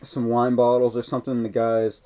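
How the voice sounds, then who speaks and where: In a dull lo-fi clip, a male movie reviewer recaps a film at normal speed, his medium-pitched voice monotone. He rambles through the scenes casually, saying "like" and "kinda" over and over.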